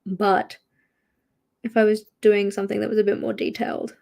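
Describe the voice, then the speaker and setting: A woman's voice: mid-range voice, level tone, normal speed, gravelly, dark tone. Giggly Australian woman chatting on a livestream. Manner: chatty and giggly, reads out viewer comments and talks to herself. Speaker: livestream host. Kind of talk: casual livestream chat while drawing.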